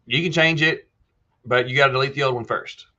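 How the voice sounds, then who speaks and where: A man's voice: medium pitch, brisk, bright, forceful tone, lo-fi sound. Folksy man hosting a livestream. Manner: folksy, reads out chat comments and replies to viewers by name. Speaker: livestream host answering viewer questions. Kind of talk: casual live chat.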